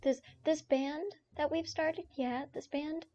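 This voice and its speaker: A woman's voice: high-pitched, steady tone, slow pace, warm tone. A young woman streaming a game, chatting in a playful, rambling, joking way to her viewers. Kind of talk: casual gaming stream chat. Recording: dull lo-fi stream audio.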